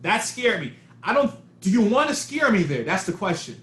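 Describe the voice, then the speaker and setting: A man coaching a bass student online in a loose, searching way, often repeating words as he thinks. His voice sits high, and the call picks up a roomy echo with bass notes now and then. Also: big pitch swings, moderate pace, fairly bright tone. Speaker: bass teacher. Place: home room on a video call. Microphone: video call mic. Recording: echoey room over a video call.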